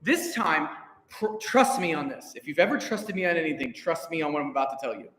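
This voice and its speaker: A man's voice: fairly high pitch, fairly quick. A man leading a choir rehearsal, counting in and singing phrases to show the singers how they go. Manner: animated, counts in and sings phrases to demonstrate. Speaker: choir director. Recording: reverberant hall recording with music. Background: instrument accompaniment.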